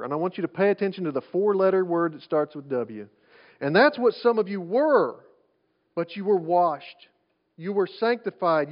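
A male pastor preaching a sermon in a conversational way, asking rhetorical questions and often restarting his phrases. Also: high-pitched. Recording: dull lo-fi sound.

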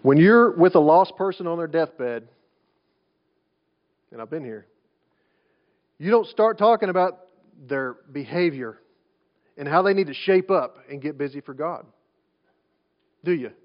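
High-voiced preacher, lo-fi. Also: male voice, expressive, measured pace, long pauses. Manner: conversational preaching with rhetorical questions and repeated restarts. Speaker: pastor. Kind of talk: sermon. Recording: dull lo-fi sound.

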